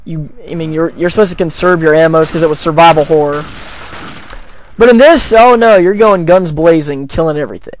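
A man's voice: on the high side, brisk, a little hiss or hum. A man casually commenting while playing a video game, rambling and joking at his own expense. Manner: rambling, jokey, self-deprecating. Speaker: let's play gamer.

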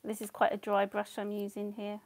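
A woman's voice: medium pitch, completely flat delivery, brisk. A woman hosting a live watercolour demo, thinking aloud, trailing off and answering viewer comments as she paints. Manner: chatty and self-deprecating, thinks aloud, often trails off. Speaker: watercolour artist and channel host.

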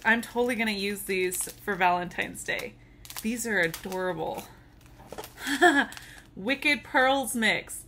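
A woman who is a mother and tumbler crafter unboxes a gift in a casual vlog, gushing, giggling and often squealing with delight. Her mid-range voice sounds pushed and bright, with a touch of hiss or hum.

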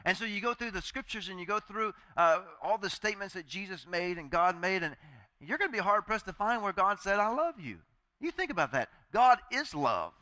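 A man's voice: high-pitched, big pitch swings, brisk, bright, forceful tone. A male pastor preaching a sermon in a chatty, joking way, acting out the voices he quotes.

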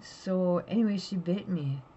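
Middle-aged woman vlogger, lowish voice, outspoken and rambling, dull home mic. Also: a little slow, mellow, slight background noise. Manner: chatty, blunt, rambling with restarts. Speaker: pet vlogger. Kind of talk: casual storytelling vlog.

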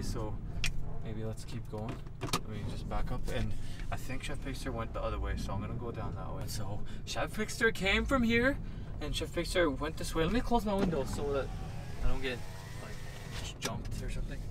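A man's voice: mid-range voice, fairly bright tone, a little hiss or hum. A man filming a staged spooky vlog from inside his car at night, talking in jumpy, frightened bursts with sudden exclamations. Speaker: YouTuber.

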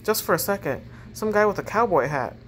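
A woman's voice: mid-range voice, animated, brisk, a little hiss or hum, close to an everyday voice. A woman reading the texts of a frightened young woman driving alone at night, in short, tense bursts. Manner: reads text messages aloud in short, tense bursts.

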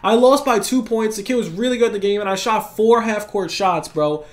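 A young man with a cold, talking fast and casually over his gameplay and saying "bro" a lot. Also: high-pitched. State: has a cold, sounds tired. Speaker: gaming YouTuber.

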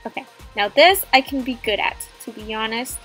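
High-voiced excitable woman gamer. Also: moderate pace, faint music behind. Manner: excitable, gasping, jokey. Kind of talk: playful game commentary.

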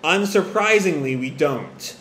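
A calm young woman with a flat, matter-of-fact delivery, read by a man in his own voice. An echoey room with faint hiss. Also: a little high, measured pace. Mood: dry.

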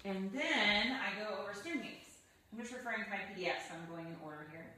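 A woman from Florida teaching violin, patiently explaining the parts of the instrument and sometimes demonstrating pitches with her voice. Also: animated, a little fast, bright, forceful tone. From Gainesville, Florida, USA. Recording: roomy echo, faint violin.

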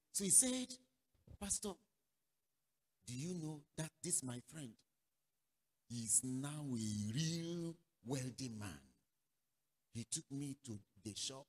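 Animated preaching man in a reverberant hall. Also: medium pitch, slightly rough. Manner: animated storytelling, acting out dialogue, sudden loud outbursts. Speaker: pastor. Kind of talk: sermon.

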